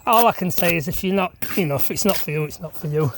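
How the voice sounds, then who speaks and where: A man's voice: on the high side, fast, gravelly, a bit bright. A man, rambling and self-deprecating as he chats to camera while laying blocks on an outdoor building site. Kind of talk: casual vlog chat while working. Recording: noisy outdoor recording.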